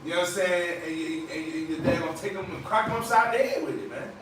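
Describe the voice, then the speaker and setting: A man with a slightly high voice leads a Bible study in loose, chatty talk, checking in with "right?" as he goes. He is heard from a distance in a very echoey room. A faint hiss runs underneath. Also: fast, a bit bright.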